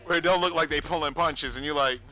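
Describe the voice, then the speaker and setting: Man, livestream chat, bright forceful voice, slightly high, profane and animated, faint music behind. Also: fast talker. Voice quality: profane, animated storytelling with frequent laughs. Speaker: streamer. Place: home streaming setup.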